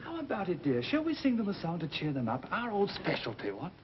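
A man's voice: high-pitched, huge pitch swings, quick pace, a crowd in the background. A man speaking kindly and coaxingly in a 1930s film. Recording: dull old film soundtrack with hiss.

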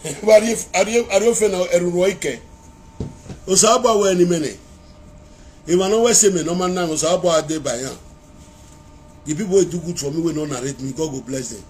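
A man's voice: fairly high pitch, normal speed, long pauses, a little hiss or hum. Rambling man with a Nigerian Pidgin accent. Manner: rambling, animated, breaks into chanted praise calls. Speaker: social media vlogger. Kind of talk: casual live-video monologue. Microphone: phone held to face.

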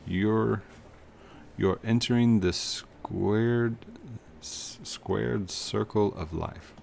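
A laid-back yeti from a game drawls like a wrestling guru, as a man puts him on. His voice sits low and quiet, stretched out slowly. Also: fairly even intonation, vocal fry, a little hiss or hum, heavily acted. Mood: mellow. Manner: slow, drawn-out and low.

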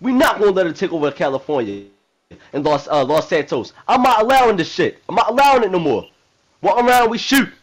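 A man's voice: sits high, expressive, brisk, rough recording. A man voicing a brash, hot-tempered male president in a video game role-play drama, rambling in profane street slang. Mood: defiant.

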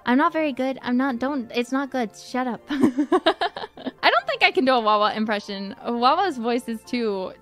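A woman streamer in casual chat, rambling, giggling and gushing about her friends, often putting herself down. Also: fairly high pitch.

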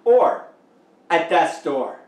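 Canadian male pastor, slow emphatic sermon, roomy church echo. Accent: Canadian English. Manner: slow, emphatic preaching with rising, lively pitch. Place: church sanctuary. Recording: echoey church room, mic at a distance.

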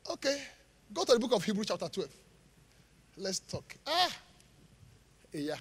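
A man preaching a live sermon in church, joking with the congregation and pausing for it to finish Bible verses. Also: high voice, sing-song, breathy edge. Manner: call-and-response, leaves gaps for the congregation to finish verses; jokes and laughs with the congregation. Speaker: pastor. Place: church auditorium. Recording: live church hall reverb.

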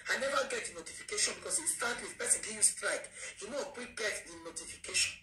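A woman's voice: medium pitch, lively intonation, fast talker, pushed and bright, faint music behind. A woman with a Nigerian accent, a content creator, ranting in an aggrieved way and repeating her questions. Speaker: content creator in a played clip. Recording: echoey, distant clip with faint noise.

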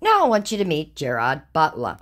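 Woman reading scam chats, dry and sarcastic, low voice that bounces around. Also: wildly swooping pitch, brisk, fairly bright tone. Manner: sardonic, dry, offhand. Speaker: scambaiting channel host. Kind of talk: casual commentary reading chat logs.

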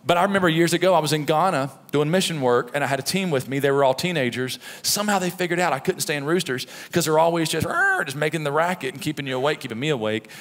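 A middle-aged pastor preaching a sermon in a conversational, storytelling way, with frequent "right?" asides. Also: male voice, a little high, fast talker, hardly any pauses, a bit bright. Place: church sanctuary. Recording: long reverb of a church hall.

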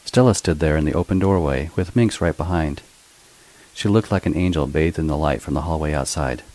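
A man's voice: a bass voice, brisk, a little mellow, rough recording. A man narrating his own first-person story in a wry, sarcastic way. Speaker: author and narrator.

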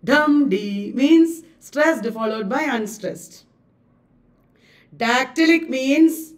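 Woman, Indian English accent, live online lecture, slow deliberate pace, mic at a distance. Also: a little high. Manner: lively, laughs often, repeats words with exaggerated stress. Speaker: online exam-prep teacher.

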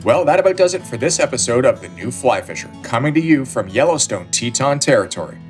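A male show host reads a scripted outro with a lively, swinging pitch and an upbeat delivery. Soft music plays faintly beneath him. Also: quick pace.

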